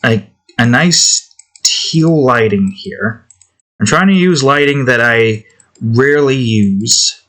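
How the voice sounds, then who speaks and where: A man's voice: mid-range voice, slow, fairly bright tone. A man talking casually to himself while drawing digital art, muttering about his work and snapping at his cat. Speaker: artist drawing on stream.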